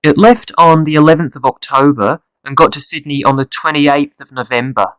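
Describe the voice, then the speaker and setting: An actor playing an ordinary man who answers a clerk's questions in a scripted listening-test dialogue, cooperative and pausing to find answers. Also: fairly high pitch, fairly bright tone, clear, resonant tone, no room sound, close to an everyday voice. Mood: matter-of-fact. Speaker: customer giving shipping details.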